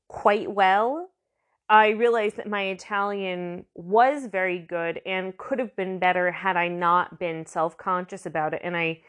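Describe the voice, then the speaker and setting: A woman's voice: mid-range voice, fairly bright tone. A woman giving a casual, rambling language lesson, full of fillers and restarts. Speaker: language tutor.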